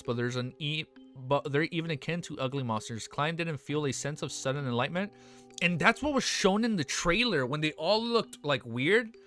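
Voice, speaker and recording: Casual man reading a web novel aloud. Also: on the high side. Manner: slangy, excitable asides. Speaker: web novel reader and reactor.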